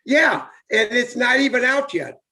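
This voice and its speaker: A man's voice: extremely high pitch, lively intonation, a little slow, bright, forceful tone. A man, hosting a casual live video chat and rambling enthusiastically with lots of fillers and repeats. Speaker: host, former baseball player.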